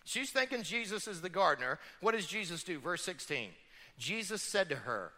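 Middle-aged male pastor, emphatic sermon, bright lively voice, long church reverb. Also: high voice, normal speed. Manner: emphatic preaching with rhetorical questions. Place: church sanctuary.

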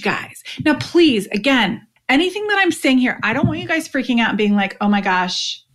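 A woman hosts a solo podcast and talks to her listeners about sales. She is chatty and animated, speaking directly to her audience in a mid-range voice. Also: mid-range voice.

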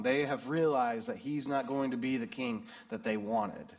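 A middle-aged American man preaching a sermon and reading scripture, swinging between loud emphasis and hushed, low passages. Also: normal speed, hardly any pauses. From United States. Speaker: pastor.

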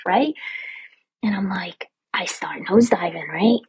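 A woman's voice: medium pitch, a little slow, breathy edge, no echo, muffled recording. A woman hosting her own podcast, talking candidly in a casual spiritual monologue, swearing freely, laughing often and checking in with listeners with "right?". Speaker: podcast host.

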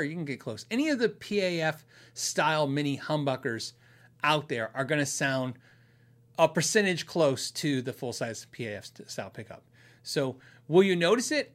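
A man's voice: fairly high pitch, fairly bright tone. A middle-aged man from Arizona hosting a guitar channel, chatting casually and rambling through viewer questions, often laughing and restarting his sentences. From Arizona, USA. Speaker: host of a guitar channel and podcast. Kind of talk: casual chat answering viewers.

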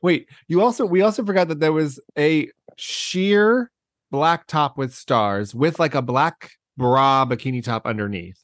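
A man's voice: on the high side, measured pace, no echo, clean studio sound. A man podcast co-host in casual gossip chat, recapping a story and laughing often.

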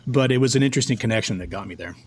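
A man's voice: mid-range voice, rapid-fire, husky. A middle-aged man from Canada, a film composer, telling stories from his career in a casual interview and acting out the lines of the people in them. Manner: animated, acts out quoted dialogue.

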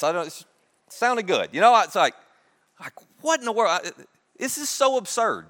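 Man, pastor, sermon, humorous storytelling, bright voice, echoey hall. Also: high-pitched, very animated, normal speed.

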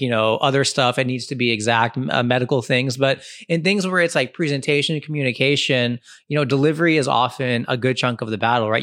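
A man's voice: mid-range voice, a bit bright, dry recording, clean studio sound. A man in his thirties, a comedian and podcast host, giving casual advice in a chatty way full of "like" and "you know". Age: 30s.

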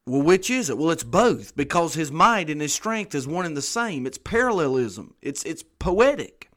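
A pastor delivering a conversational sermon, earnest and repeating phrases for emphasis. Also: male voice, a little high, sing-song, moderate pace, a bit bright.

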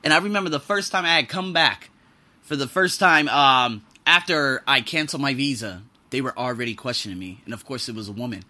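A young man hosting a casual podcast monologue, animated and profane, swinging between loud bursts and low muttering. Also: a little fast. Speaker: podcast host.

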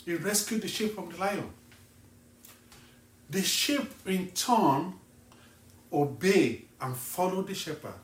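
A male evangelist from Nigeria preaching a sermon slowly and emphatically, asking the listener pointed questions. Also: high voice, animated, far from the mic. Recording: echoey room, voice set back from the mic.

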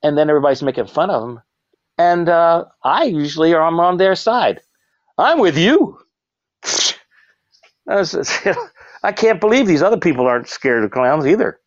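Lively, animated man, dull lo-fi sound. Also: moderate pace, no room sound. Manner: animated, jumps into high shouted voices for quotes, laughs often. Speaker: professional clown, guest. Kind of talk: casual interview storytelling.

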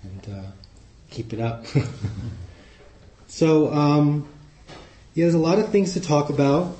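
A man with a New York accent, giving a relaxed, chatty talk to a group as guest speaker. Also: fairly high pitch, slow pace. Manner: relaxed, chatty, warm humor. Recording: echoey room.

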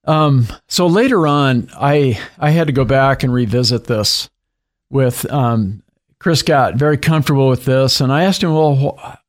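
A man's voice: mid-range voice, measured pace. Man telling a faith story. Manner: animated retelling with acted quotes and laughs. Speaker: author and guest. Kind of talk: conversational storytelling interview.

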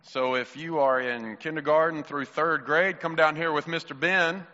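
During a children's sermon in a church sanctuary, a male pastor asks the kids playful questions in a fairly high, bright, forceful voice at a normal pace with fairly even intonation. The recording is muffled, with long church reverb.

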